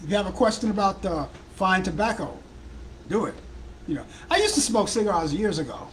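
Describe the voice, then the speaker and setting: A man's voice: high voice, very animated, a little fast, a bit bright, slight background noise. A man hosting a radio talk show, chatting casually, rambling and repeating himself with jokey asides.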